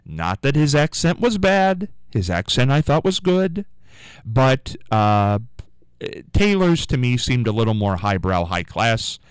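A man hosting a radio show, telling a rambling story with animated asides in a casual on-air monologue. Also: mid-range voice, a little slow, clean tone, no echo, low-quality recording.

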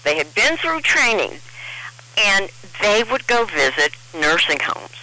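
A woman's voice: mid-range voice, sing-song, unhurried, bright, forceful tone, rough recording. A middle-aged woman telling a personal story in a rambling, emotional way, often restarting her sentences.

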